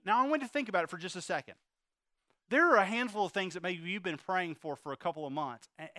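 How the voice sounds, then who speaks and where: A man's voice: high voice, sharp tone, dry recording. A man preaching a sermon to his congregation in an earnest, conversational way, full of asides and rhetorical questions. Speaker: pastor.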